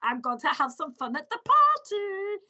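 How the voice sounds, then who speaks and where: A woman's voice: extremely high pitch, very animated, moderate pace, bright, forceful tone, muffled recording, voice pushed up, exaggerated voice. A woman voicing a small, giddy stuffed toy bear in a mock German accent, growling playfully.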